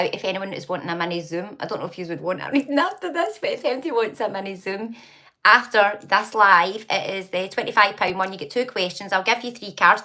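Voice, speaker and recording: Scottish woman, livestream host, bright tone, chatty gossip, greets viewers, laughs a lot. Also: mid-range voice. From Scotland. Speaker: livestream host reading comments. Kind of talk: casual live chat.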